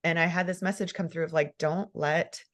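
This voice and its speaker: Woman host, low-pitched, emotional, fervent, laughs a lot, conversational interview. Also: level tone, fast talker, a bit bright. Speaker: podcast host.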